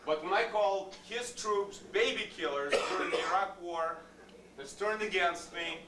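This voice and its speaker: A man's voice: high-pitched, measured pace. A man speaking at a public board meeting, ranting angrily with insults and demands. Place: meeting room, indoors. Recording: echoey room from far off, faint noise.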